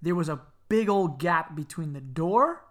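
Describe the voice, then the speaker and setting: Animated man from Miami telling stories. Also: unhurried. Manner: animated, laughing storyteller who acts out squeaky voices. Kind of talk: casual storytelling chat.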